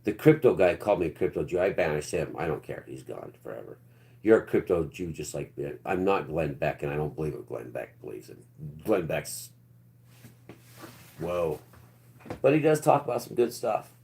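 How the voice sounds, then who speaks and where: A man in his fifties with a very low voice talks loosely to his livestream chat. He wanders from point to point and often drops into quiet mutters. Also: very animated, moderate pace, creaky. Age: 50s. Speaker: livestream host. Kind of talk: rambling live-stream chat with viewers.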